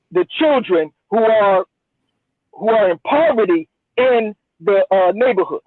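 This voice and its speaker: A man's voice: sits high, measured pace, no room sound. A man calling in to a heated debate, insistent and repeating himself for emphasis. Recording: tinny phone line.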